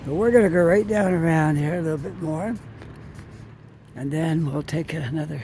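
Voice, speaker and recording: A man's voice: fairly high pitch, normal speed, darkish tone. A man from Canada narrating a walk through city streets, chatting and rambling as he thinks aloud, recorded on a phone. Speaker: walking vlogger. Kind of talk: casual walking narration. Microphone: phone held while walking. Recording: outdoor street noise behind.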